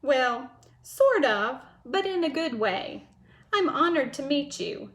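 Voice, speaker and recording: Storybook skunk, female, woman reader doing the voice, high-ish and slow, eager hostess energy. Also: heavily acted. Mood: friendly. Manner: eager, warm hostess, excitable. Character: friendly chatty female skunk. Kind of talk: children's book read-aloud.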